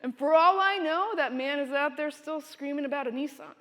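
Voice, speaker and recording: High-voiced woman giving a keynote. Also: a little fast. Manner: storytelling, expressive, direct to audience. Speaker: keynote speaker. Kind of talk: motivational keynote speech. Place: university conference venue. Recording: long hall reverb.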